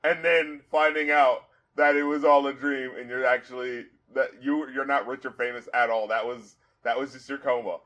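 A man hosting a casual album review podcast, animated and profane, quoting lyrics aloud and laughing often. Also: medium pitch, normal speed, hardly any pauses.

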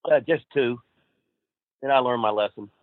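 A man who trains wrestlers, telling profane, animated road stories as a guest. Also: mid-range voice, normal speed, no echo. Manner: profane, animated, laughs at his own stories. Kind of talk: casual storytelling interview. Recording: dry tinny phone-like line.

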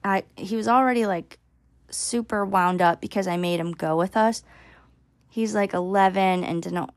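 Woman, 30s, vlogger. Casual storytelling, gravelly fry, dry close sound. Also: mid-range voice, moderate pace, no echo. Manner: chatty, many "like" fillers.

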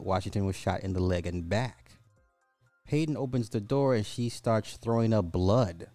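A man's voice: lowish voice, warm tone, dry recording. A man hosting a podcast, reading a news story aloud and breaking off for sarcastic, casual asides. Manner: sarcastic, jokey, reads articles aloud with asides. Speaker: podcast host.

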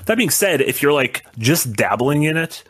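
A man's voice: on the high side, sing-song, moderate pace, a bit bright, slightly rough. A man co-hosting a casual stream, talking in a loose, rambling way full of fillers. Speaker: co-host.

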